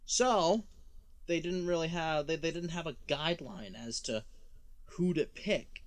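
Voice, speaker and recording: A man co-hosting a casual review chat, animated and acting out voices as he talks. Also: a little high, a little slow, dry recording. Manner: animated, acts out voices and quotes. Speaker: co-host.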